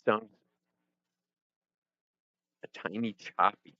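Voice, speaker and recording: A man's voice: fairly low pitch, steady tone, drawn-out words, pushed and bright, no room sound. A man hosting a casual livestream from a home studio, rambling and joking with his chat and talking to himself as he fiddles with his settings. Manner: rambling, self-deprecating, talks to chat and himself. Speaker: livestream host. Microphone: headset or desk mic with headphones. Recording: dull, muffled stream audio.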